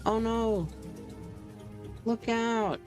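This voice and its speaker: A man voicing a panicky cartoonish stick-figure husband with high, frantic cries of alarm, while storytelling over a drawing on a livestream. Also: steady tone, extremely slow, faint music behind, heavily acted. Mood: panicked.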